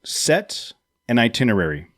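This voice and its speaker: A man hosting a podcast at an average pitch, relaxed as he reads a magazine aloud. He often trips and repeats himself, keeping things casual. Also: moderate pace. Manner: laid-back, often stumbles and repeats words. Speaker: podcast host.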